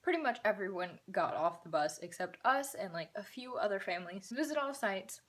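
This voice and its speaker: A young woman vlogger telling a storytime in a casual, animated, sarcastic way, a bit out of breath. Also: mid-range voice, fairly quick.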